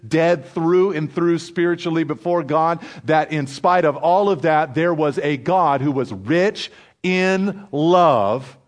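Earnest male preacher, hushed emphasis. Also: a little high. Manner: earnest, slows to a near whisper on key lines. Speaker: pastor. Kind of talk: sermon.

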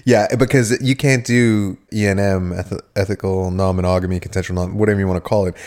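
A man's voice: low-pitched, steady tone, fairly quick, darkish tone. A young adult man co-hosting a podcast, casually and earnestly laying out his theories. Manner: earnest, builds theories, restarts often. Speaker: podcast co-host. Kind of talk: casual chat.

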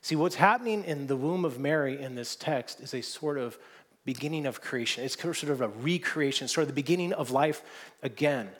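A man's voice: mid-range voice, animated, brisk. A man preaching a sermon, earnest and often restarting his words, rising into emphatic stretches. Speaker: pastor.

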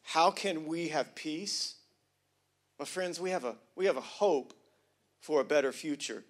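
A pastor preaching to his congregation in a high, lively voice. He talks in casual slang and jokes with the room. He drops almost to a whisper, then climbs loud and emphatic. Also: measured pace. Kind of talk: sermon.

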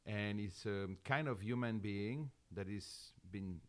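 Low-voiced man with a French accent. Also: takes it slowly. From France. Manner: reflective, explains with fillers like "you know". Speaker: guest musician. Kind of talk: interview answers.

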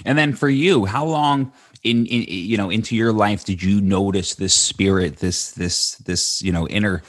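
A man's voice: lowish voice, a little slow, no room sound, clean studio sound. A man hosting a podcast interview, who halts, repeats words and restarts often. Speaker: podcast host.

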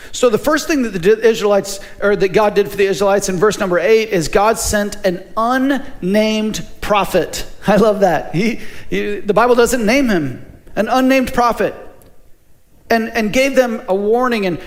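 A man preaching a sermon as a pastor, in a conversational way that keeps asking the congregation questions. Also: high-pitched.

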